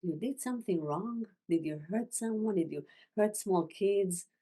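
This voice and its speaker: A woman teaching a masterclass, speaking gently with halting, non-native phrasing and frequent restarts. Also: medium pitch, husky. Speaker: spiritual teacher. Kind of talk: masterclass talk.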